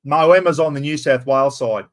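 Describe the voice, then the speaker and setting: Australian male streamer, slightly high voice, loud, rambling and salty-mouthed, casual live chat. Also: moderate pace. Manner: loud, rambling, swears freely.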